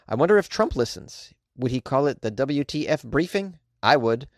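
A man's voice: mid-range voice, animated, measured pace, no room sound, clean studio sound. A man hosting a comedy news podcast, chatting casually with slangy asides and frequent laughs.

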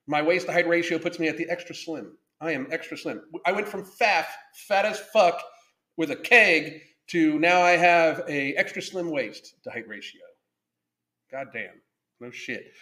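Profane, excitable man ranting on a livestream. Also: a little high. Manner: swears constantly, excitable and blunt; reads viewer comments aloud. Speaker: livestream podcast host.

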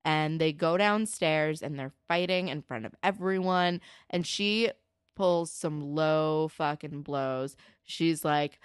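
A woman's voice: low voice, slow pace, clean tone, no echo, clean studio sound. A young woman co-hosting a casual podcast, animatedly retelling a TV episode and acting out the lines. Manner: animated retelling with acted-out quotes. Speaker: podcast co-host recapping a TV episode. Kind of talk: casual chat.

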